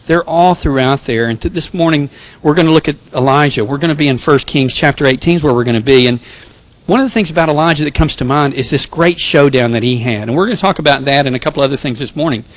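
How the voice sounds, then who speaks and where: A man's voice: a little high, fairly quick, few pauses. Joking self-deprecating male pastor. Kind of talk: sermon with personal stories.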